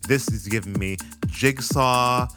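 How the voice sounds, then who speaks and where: Excitable stammering male co-host. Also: medium pitch, takes it slowly, over music. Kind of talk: casual chat.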